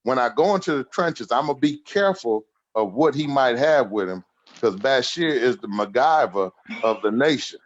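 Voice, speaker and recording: A man's voice: medium pitch, lively intonation, moderate pace, muffled recording. A man in his sixties, a podcast guest telling humorous stories with frequent laughter. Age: 60s. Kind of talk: casual storytelling interview.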